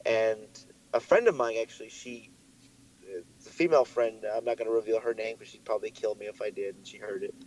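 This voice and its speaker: A young man co-hosting a podcast, telling a story in a lively way and swearing often, his voice jumping up when he gets worked up. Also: fairly low pitch, fairly quick, low-quality recording. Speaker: podcast co-host. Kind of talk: casual chat.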